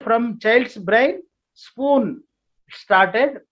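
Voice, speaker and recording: High-voiced man, slow, dull recording. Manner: explains slowly and plainly, repeating words for emphasis. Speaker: speaker on parenting and child education. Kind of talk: informal talk to parents.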